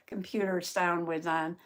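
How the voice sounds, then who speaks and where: A woman hosting a casual live-stream chat, short of voice and out of breath, chatty and quick to laugh as she greets viewers by name. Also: fairly low pitch, a bit bright.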